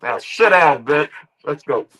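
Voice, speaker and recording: A man's voice: fairly high pitch, animated, a little slow, a little hiss or hum, rough recording. A man hosting a reaction stream, mocking people in a rant and repeating the same catchphrase over and over. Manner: mocking rant, keeps repeating "ladies and gentlemen". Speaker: streamer host.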